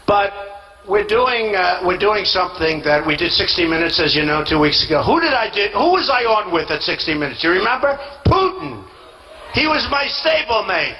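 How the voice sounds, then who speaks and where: A man's voice: sits high, sing-song, normal speed, bright, forceful tone, rough recording. A man giving a rally speech as a candidate, boastful and rambling, repeating himself and acting out quoted dialogue.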